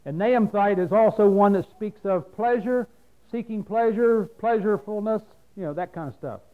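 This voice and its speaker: A man's voice: sits high, moderate pace, phone-quality sound. A man preaching a sermon in a folksy, plain-spoken way, asking his listeners questions and answering them himself.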